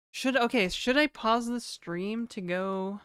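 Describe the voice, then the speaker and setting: A woman's voice: a little high, slow, fairly bright tone, clean tone, dry recording, clean studio sound. A woman from New Brunswick, chatting casually and rambling on a livestream, joking and laughing often. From New Brunswick, Canada.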